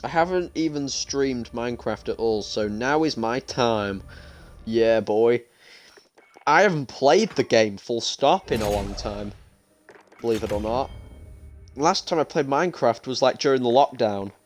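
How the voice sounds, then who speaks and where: A man's voice: medium pitch, lively intonation, a little slow. A young British man in his late teens, chatting and ranting casually while streaming a game, often restarting his sentences. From United Kingdom. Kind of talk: casual gaming stream chat. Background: faint game gunfire.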